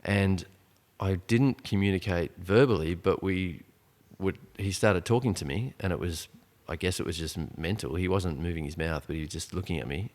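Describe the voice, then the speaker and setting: A man's voice: deep voice, normal speed, few pauses, darkish tone. A man around forty, a podcast guest telling a personal story in a rambling, casual way, full of restarts and fillers.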